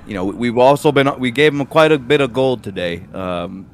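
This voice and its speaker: A man playing a tabletop game in character, polite and halting with frequent stammers. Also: medium pitch, slight background noise. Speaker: player. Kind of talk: in-character tabletop role-play.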